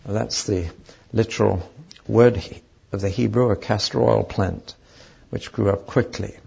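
A male preacher delivering a sermon in a raspy voice, asking rhetorical questions as he explains. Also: fairly low pitch, steady tone, unhurried, warm tone. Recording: dull lo-fi recording.

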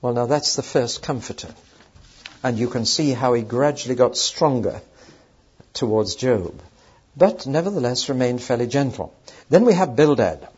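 A man's voice: mid-range voice, animated, moderate pace, a little mellow, slightly rough. A man teaching on a Bible passage in a conversational way, often putting questions to his listeners. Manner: conversational, asks the audience questions. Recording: dull lo-fi recording.

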